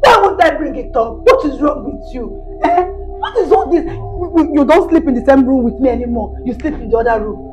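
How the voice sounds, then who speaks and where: A woman's voice: high voice, expressive, brisk, music in the background. A woman playing an insistent pregnant wife. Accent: Nigerian. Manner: pleading and scolding, with repeated "Eh?" tags. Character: frustrated pregnant young wife, insistent and emotional. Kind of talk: comedy skit acting.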